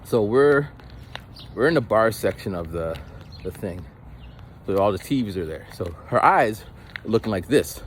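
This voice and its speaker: A man's voice: fairly low pitch, normal speed, pauses often, slight background noise. A man casually telling a rambling story, with many restarts. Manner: rambling, animated, many restarts, acts out voices. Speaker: vlogger.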